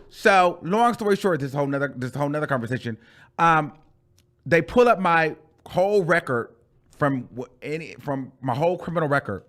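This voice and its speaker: A man telling a storytime rant on his channel in a chatty, animated way, calling the listener "girl" and repeating phrases for emphasis. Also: a little high, normal speed. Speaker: YouTuber.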